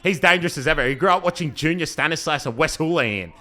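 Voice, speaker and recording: A young man giving playful, joking commentary over his own amateur football match, breaking into excited shouts. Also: a little high, fast. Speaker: football commentator and team player.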